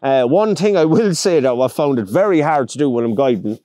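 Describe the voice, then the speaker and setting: Irish man, fishing guide, chatty storyteller who plays out quotes; mid pitch, dry sound, outdoors on a boat. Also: expressive, brisk, dark tone, dry recording. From Ireland, County Longford. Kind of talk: casual interview chat.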